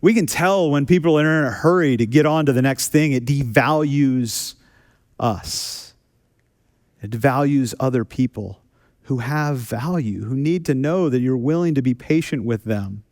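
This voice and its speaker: A man's voice: mid-range voice, moderate pace, a little mellow. A man preaching a sermon as a pastor, talking casually with self-deprecating humor and repeating phrases for emphasis. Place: church sanctuary.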